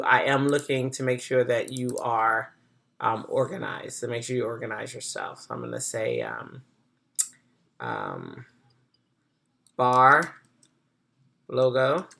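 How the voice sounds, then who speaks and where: A design instructor with a medium-pitched, gravelly voice walks through a software tutorial. The delivery is casual and chatty, thinking aloud and self-correcting along the way.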